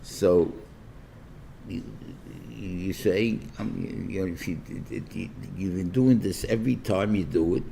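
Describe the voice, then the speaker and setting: An older man, a rabbi giving a Torah class lecture, talking haltingly with many repeated words and acting out little dialogues. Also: low voice, creaky, warm tone, a little hiss or hum. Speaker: rabbi teaching a weekly class.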